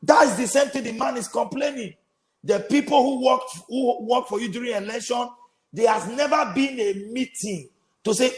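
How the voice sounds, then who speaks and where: A man hosting a commentary show, repeating his points slowly and emphatically to viewers. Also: very high-pitched. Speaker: host. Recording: echoey room.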